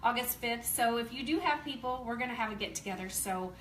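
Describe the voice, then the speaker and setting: A woman's voice: a little high, brisk, roomy sound, distant mic, slight background noise, poor audio. Chatty laughing woman in her fifties. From American South. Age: 50s. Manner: chatty, laughing, animated storytelling. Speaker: company distributor speaking at a meeting. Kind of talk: casual testimonial to an audience.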